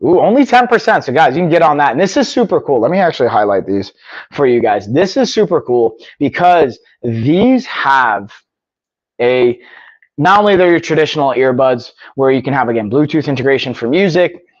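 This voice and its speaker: A man's voice: medium pitch, expressive, normal speed, no echo, highs cut off. A man hosting a casual live stream, upbeat and chatty, often saying "y'all" and muttering to himself between bits. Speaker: livestream host. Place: home gym.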